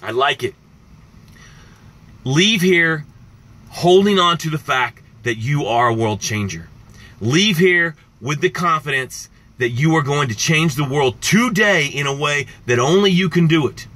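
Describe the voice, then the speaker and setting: A man speaking as a success coach, with a bright, forceful tone and a slightly high voice. He talks with passion and speaks straight to his viewers, driving his points home again and again. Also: expressive, a little slow. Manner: impassioned, repetitive, addresses viewers directly. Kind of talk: motivational live-stream talk.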